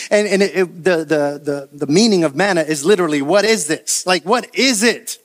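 A man preaching as pastor, animated, acting out the voices of the people he quotes. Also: fairly high pitch, moderate pace, few pauses. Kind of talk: sermon.

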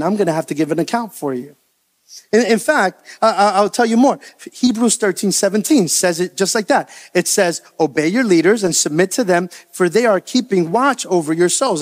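A man preaching as pastor, animated, acting out the voices of the people he quotes. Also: high-pitched. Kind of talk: sermon.

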